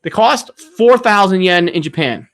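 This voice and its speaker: A man's voice: high voice, expressive, moderate pace, fairly bright tone. A man hosting a casual livestream Q&A, talking in a rambling, profane, ranting way as he reads viewer questions. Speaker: channel host answering viewer questions. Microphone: streaming setup mic.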